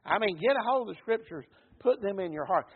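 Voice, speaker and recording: A man with a drawl preaches a folksy sermon, his high, husky voice rising to near shouts and sinking back down. The recording is thin and phone-like. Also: animated, brisk. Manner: folksy, repeats words, swells to shouts and drops low.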